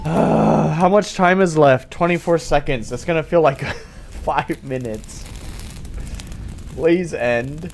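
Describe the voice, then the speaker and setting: A man's voice: fairly high pitch, slow, slight background noise. A man streaming a game, giving casual gaming commentary while swearing and laughing at how janky it is.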